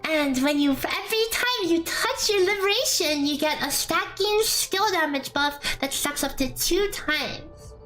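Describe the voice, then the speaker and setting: A woman with a high, bright voice talks slowly through a game calculator on a casual live stream. She rambles in a chatty way, tossing in playful asides. Soft background music plays under her. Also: animated, rough recording. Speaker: streamer explaining a damage calculator. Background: faint background music.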